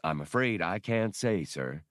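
A polite robot servant speaks in low, calm, neutral tones, as a man voices him. His delivery stays courteous and even. The sound is dry and close. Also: a little slow, no echo.

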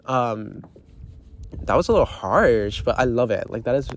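A man's voice: mid-range voice, animated, normal speed, a little hiss or hum. A young man hosting his podcast in casual solo chat, rambling with many fillers and giggling, talking outdoors on the water. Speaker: podcast host.

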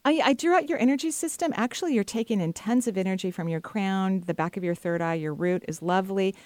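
A woman's voice: mid-range voice, fast, no echo. A woman hosting an advice show, talking casually to callers and laughing often. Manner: warm, chatty, laughs often. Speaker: intuitive advice show host.

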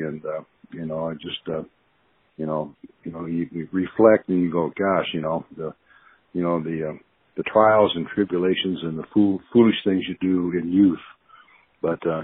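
A man's voice: deep voice, slightly rough, no room sound. An older man, a former football player, telling stories with many fillers and chuckles. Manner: rambling, many fillers, laughs while recalling. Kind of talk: storytelling interview. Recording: tinny phone line.

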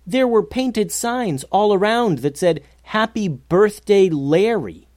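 Slow, expressive storyteller. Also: medium pitch, no echo, studio quality. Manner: animated, expressive. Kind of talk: children's story narration.

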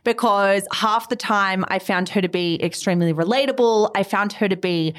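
A woman hosting a casual book club discussion, expressive and steering the talk. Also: mid-range voice, moderate pace.

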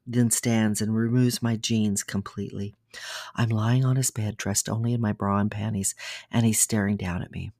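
A podcast storyteller giving a hushed whispered role-play reading of a bedtime story that often drops to a whisper, with small slips along the way. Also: medium pitch, fairly even intonation, moderate pace, no echo, clean studio sound.

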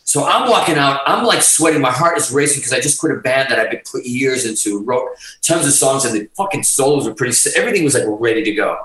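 A man telling a long story about his music career in a profane, animated way. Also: medium pitch, fast talker, heavy reverb, far from the mic, poor audio. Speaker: guest musician. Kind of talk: casual storytelling.

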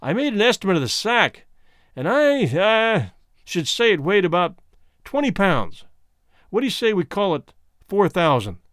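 A calm, scheming husband who soothes and mocks at once, as a man reading a story puts him on. His pitch sits slightly high and moves a lot. The sound is close and dry, like a storybook reading. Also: normal speed, dry recording. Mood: smooth mocking. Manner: soothing, ironic. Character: calm scheming husband, smooth, mocking and mercenary. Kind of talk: audiobook character voice.

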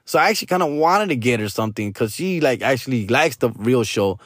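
A man's voice: animated, brisk, no room sound, clean studio sound. A middle-aged man hosting a podcast, telling a story in a casual, profane, slangy way with Spanish phrases mixed in. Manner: jumps to loud high mock voices for quoted people. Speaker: podcast host.

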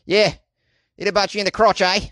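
A man's voice: high voice, little pitch movement, moderate pace, fairly bright tone, no echo, studio quality, pitched above the performer's own voice. A man voicing a joking male snake catcher, goofy and teasing. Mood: mocking.

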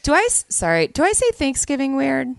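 A woman's voice: high-pitched, wildly swooping pitch, fairly quick, vocal fry, no room sound. A woman from Nevada co-hosting a podcast, chatting casually and laughing easily, with many "like"s. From Las Vegas, Nevada. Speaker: podcast co-host. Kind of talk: casual chat.

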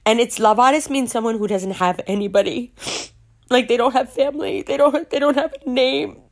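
A woman's voice: on the high side, moderate pace. A young adult woman from Pakistan telling a personal story, candid and emotional, swearing freely and laughing through tears.

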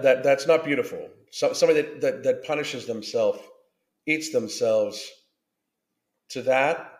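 A man's voice: mid-range voice, darkish tone. Profane ranting man in a roomy echo. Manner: profane, combative and blunt, heavy swearing. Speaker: podcast host. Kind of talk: ranting reaction commentary.

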